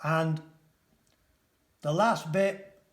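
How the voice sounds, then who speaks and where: A man teaching a casual language lesson, repeating each phrase slowly and translating it. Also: fairly high pitch, echoey room. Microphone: camera mic.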